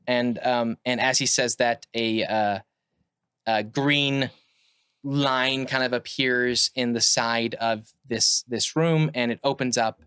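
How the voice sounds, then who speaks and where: A man narrating as game master of a tabletop game, halting with many fillers and restarts. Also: mid-range voice, pushed and bright, clean tone, no room sound, clean studio sound.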